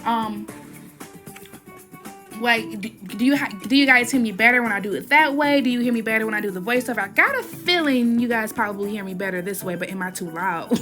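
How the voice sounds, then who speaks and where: A woman's voice: fairly quick, a bit bright, faint music behind. A woman host recording a casual, rambling voice-over for her gameplay video, talking straight to her viewers. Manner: rambling and chatty, addresses viewers as y'all; says she generally talks low. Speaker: gaming channel host. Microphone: recorded on an iPad.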